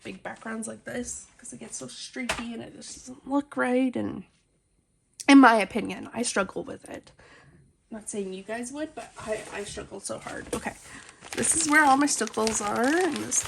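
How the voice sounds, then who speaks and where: Her voice sits on the high side and sounds creaky, and the background is noisy. She's at home with family around, coloring and filming herself on a phone, rambling through a casual chat packed with filler words.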